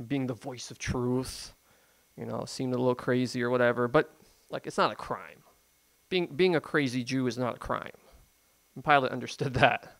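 A pastor preaches a sermon in a conversational, emphatic way, full of rhetorical questions. He has a mid-range, fairly bright male voice.

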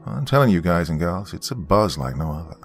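A man narrating a horror story in an expressive, scripted storytelling way. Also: low-pitched, fairly quick. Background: faint background music.

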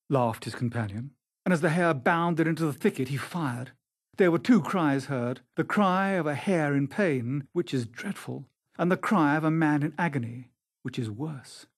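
A man narrating a classic novel aloud in a measured, expressive reading. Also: medium pitch, slightly rough. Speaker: audiobook reader. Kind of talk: scripted narration.

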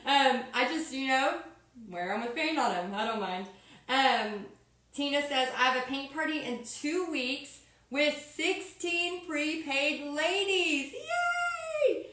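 A woman's voice: high voice, slow pace, bright, forceful tone, far from the mic. A woman with a Texan accent chatting casually on a live painting stream from her home art studio, upbeat and reading viewer comments aloud. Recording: roomy echo, voice a bit off-mic.

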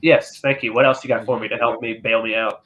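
A man's voice: medium pitch, level tone, fast talker, a bit bright, highs cut off. A man hosting a podcast in casual chat, rambling and swearing as he loses his train of thought. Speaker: podcast host.

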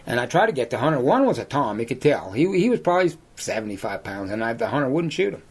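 Telling stories in an interview, a hunting guide who hunts lions and runs an outfitting business talks fast in a medium-pitched, breathy-edged voice with big pitch swings. His yarns ramble, peppered with "you know" and his own laughter.

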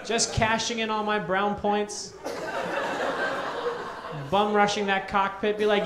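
A man performing a stand-up comedy set in a club, telling an animated story and acting out the people in it. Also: sits high, slow, long pauses, background noise. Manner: animated storytelling, acts out characters. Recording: echoey club room, audience laughter.

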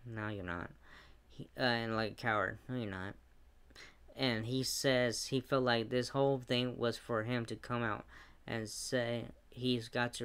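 Male wrestling reviewer, even-toned, smooth voice, recaps with asides. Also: mid-range voice. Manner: play-by-play recap with fillers and quick asides.

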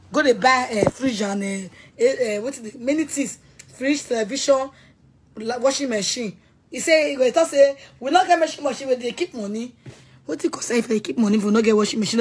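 A woman's voice: fairly high pitch, a little hiss or hum. A woman with a Nigerian accent in an angry, insulting rant, scolding and threatening someone she speaks to directly. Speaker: person addressing someone directly.

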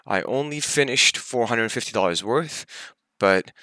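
A man's voice: medium pitch, animated, measured pace, bright, forceful tone, no room sound. A young man venting his stress and anger in a daily vlog, swearing often and sounding tired. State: tired, half asleep. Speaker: vlogger.

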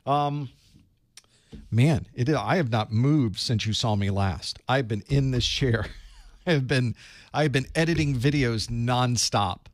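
A man's voice: medium pitch, unhurried, no room sound. Chatty man hosting a livestream, dry sound. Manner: chatty, rambling, self-deprecating, greets viewers by place. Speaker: IT certification instructor hosting a live study group. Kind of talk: casual livestream chat. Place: small dark room.

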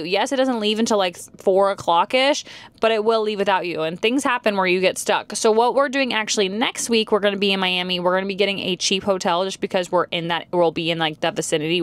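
A woman's voice: medium pitch, clear, resonant tone, dry recording. A woman vlogging on a cruise trip, chatty and hyper, giving travel tips. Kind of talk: casual vlog narration. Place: outdoors and on a busy cruise ship. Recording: noisy background ambience.

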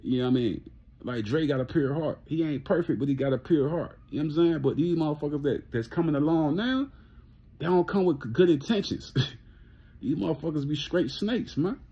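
A man's voice: on the high side, moderate pace, husky, muffled recording. A man ranting casually to camera, blunt and profane, often repeating himself and laughing. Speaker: vlogger.

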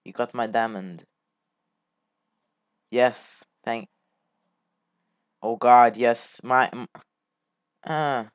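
A man hosting his own gaming channel, rambling through casual commentary in a smooth, even voice. He drawls slowly, trails off and restarts, and swears now and then. The recording is dry and a little dull, as if from a cheap home mic. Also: mid-range voice, no echo.

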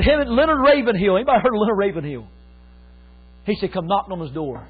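High voiced guy preaching in church, fervent bursts, tinny phone-ish audio. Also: lively intonation, fast talker, breathy edge. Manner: impassioned preaching with sudden loud exclamations. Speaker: pastor. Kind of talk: sermon. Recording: tinny phone-like sound with faint mains hum.

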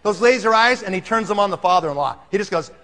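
Guy telling a funny story, animated and laughing, really high bright voice. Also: quick pace, a little hiss or hum. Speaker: speaker. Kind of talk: comic storytelling speech.

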